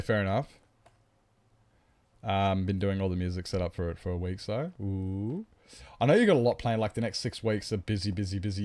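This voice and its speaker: A man's voice: lowish voice, a little mellow. A man chatting on a live game stream, rambling, greeting viewers and joking about himself.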